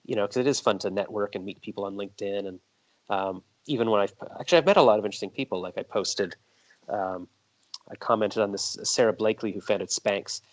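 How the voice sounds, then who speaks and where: A man's voice: fairly low pitch, fast talker. A man hosting a podcast, chatting casually and telling rambling stories in an interview. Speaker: podcast host.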